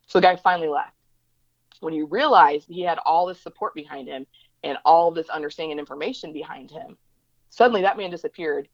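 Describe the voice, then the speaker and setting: Woman guest in an interview, speaking quickly on a lower register, dull lo-fi sound. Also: no echo. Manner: fast, emphatic, acts out quoted voices. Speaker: interview guest, diversity educator. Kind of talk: conversational interview storytelling.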